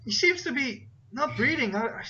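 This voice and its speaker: A man voicing a frightened young boy mage, high, urgent and shaky. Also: expressive, normal speed, sharp tone, full character voice. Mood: pleading. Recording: dull lo-fi recording, faint noise.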